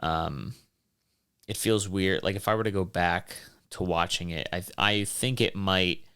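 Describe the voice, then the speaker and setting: A man with a low, smooth, resonant voice hosts his own podcast. He talks in a loose, rambling monologue, jokes as he goes, and swears freely. He swings between lively bursts and drawn-out asides. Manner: animated, joking, swears freely. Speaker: podcast host.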